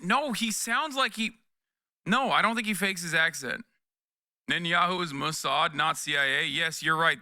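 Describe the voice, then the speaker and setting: A man in his thirties delivers heated political commentary on a livestream, profane and exasperated and pushing each point with "okay?". His voice sits a bit high and sounds sharply bright and forceful. The sound is close and dry, with no room echo. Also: smooth. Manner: profane, exasperated, rapid rants with repeated "okay?". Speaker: streamer reacting to news.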